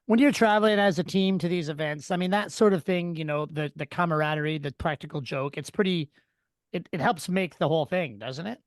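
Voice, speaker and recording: A podcast host asks questions in a relaxed, loose way, often trailing off with fillers. The voice sits at a middle pitch. The recording is dry and close. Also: fairly quick, no echo. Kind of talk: casual interview.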